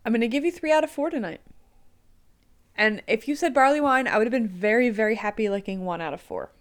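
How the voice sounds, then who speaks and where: A woman's voice: fairly high pitch, fast. A woman hosting a casual beer-tasting podcast, teasing and wry. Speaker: podcast host.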